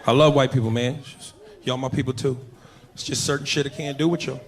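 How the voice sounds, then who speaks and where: A man doing loud, brash, profane stand-up storytelling. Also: mid-range voice, fairly even intonation, quick pace. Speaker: stand-up comedian. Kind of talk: stand-up comedy set.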